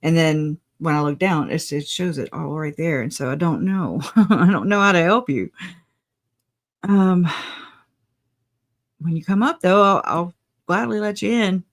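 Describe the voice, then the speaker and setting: A woman's voice: lowish voice, a little slow, pauses often. A woman hosting a casual livestream, chatting, laughing often and greeting viewers by name. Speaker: livestream host.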